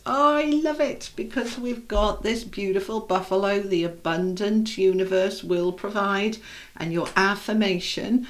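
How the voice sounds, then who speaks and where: A woman's voice: mid-range voice, a little slow. A woman giving a chatty tarot card reading, talking straight to her viewers in a reassuring way. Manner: warm, chatty and reassuring, addresses viewers directly. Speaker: tarot reader.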